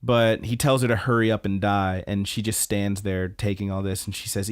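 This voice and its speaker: Low-voiced man recapping with fillers. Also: flat delivery, normal speed, hardly any pauses, clear, resonant tone. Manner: rambling retelling with fillers and quoted lines. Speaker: podcast co-host. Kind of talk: casual chat recapping an anime.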